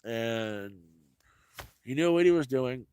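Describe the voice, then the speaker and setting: A man's voice: mid-range voice, animated, slow pace, darkish tone, clean tone. A man talking casually to his viewers in a rambling way, restarting and repeating himself often. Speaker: vlogger. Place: rural off-grid homestead, cold.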